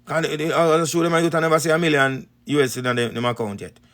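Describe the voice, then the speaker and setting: A man's voice: a little high, fairly even intonation, quick pace, a bit bright. A Jamaican man giving an emphatic preaching talk, full of repeated rhetorical questions. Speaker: spiritual teacher.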